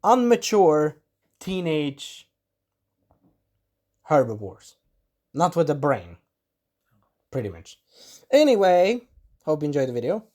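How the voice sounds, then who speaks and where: A man's voice: fairly high pitch, huge pitch swings, slow, long pauses, mellow. A man casually recapping an anime episode as a reviewer, rambling loosely and acting out bits of dialogue. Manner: rambling, loose storytelling, acts out the quotes.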